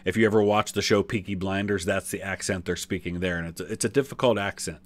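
A man's voice: low voice, fairly even intonation, fast. A man hosting a reaction video, chatting casually with lots of fillers and restarts as he explains things. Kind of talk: casual commentary.

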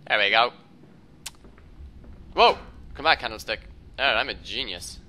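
A young man giving casual gameplay commentary as a let's play host, joking, swearing often and reacting loudly when startled. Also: lowish voice, unhurried, long pauses, a little hiss or hum. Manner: jokey, swears a lot, loud startled reactions.

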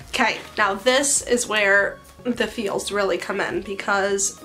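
A woman's voice: medium pitch, slow pace, sharp tone, faint music behind. A woman in her twenties, a hairstylist chatting casually in a bubbly, self-mocking way for a vlog. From Central Illinois. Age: 20s.

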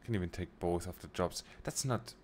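A man's voice: low voice, normal speed, darkish tone, slight background noise. A young man streaming a train game, thinking aloud in a casual, muttering way as he plans his jobs, with small restarts. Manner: muttering to himself while planning, with short restarts. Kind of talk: casual let's-play commentary.

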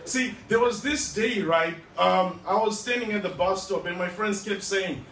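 A man's voice: sits high, normal speed, hardly any pauses, a bit bright. A man performing a rambling stand-up comedy set in a tea room, with stammering restarts. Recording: echoey room, distant mic, noisy.

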